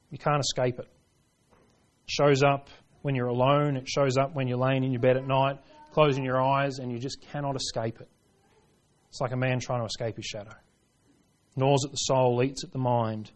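A man preaching a sermon, reading scripture aloud and driving points home, swinging between hushed lines and forceful ones. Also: mid-range voice. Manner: reads scripture aloud in King James wording.

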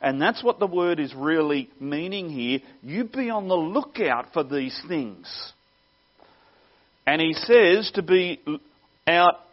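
Male preacher, earnest teaching tone, slightly high pitch, muffled lo-fi sound. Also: animated, takes it slowly. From Australia. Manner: earnest teaching with wry laughs. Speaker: pastor. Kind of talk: sermon. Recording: dull lo-fi sound.

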